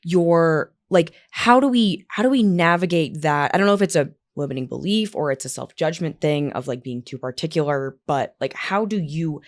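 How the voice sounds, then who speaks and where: A woman's voice: low voice, normal speed, hardly any pauses. A woman hosting a podcast interview, talking casually and with animation, swearing often and acting out her own quotes. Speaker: podcast host.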